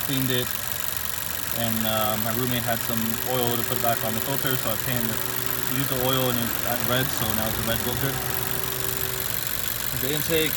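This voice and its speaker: Standing outside next to his car, a Southern California man vlogs casually about what's wrong with it, rambling with plenty of fillers and false starts. He speaks in a mid-range voice, and the recording is very noisy.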